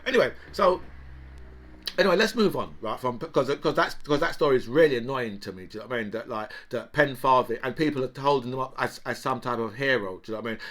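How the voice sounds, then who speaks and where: A man's voice: mid-range voice, fast talker, a bit bright. A man hosting a political commentary show, talking in a rambling, exasperated monologue and tagging his points with constant questions to the listener.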